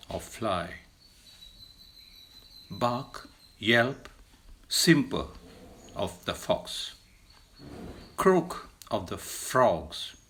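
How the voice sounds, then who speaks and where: Very slow, deliberate male language teacher. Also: a bit bright. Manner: slow, deliberate listing, lifts pitch to mimic sounds. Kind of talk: slow vocabulary lesson.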